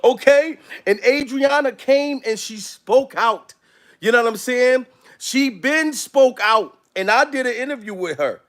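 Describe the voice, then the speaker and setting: A man's voice: very high-pitched, lively intonation, a little slow, fairly bright tone. A man doing comedic gossip commentary in an over-the-top style, full of repeated catchphrases and mock-dramatic bits. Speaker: commentary vlogger.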